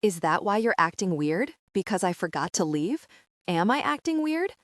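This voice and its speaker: A woman reading the part of a nervous, quick-witted young woman who works as a party clown. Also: mid-range voice, sing-song, a bit bright, no echo, studio quality. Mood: flustered.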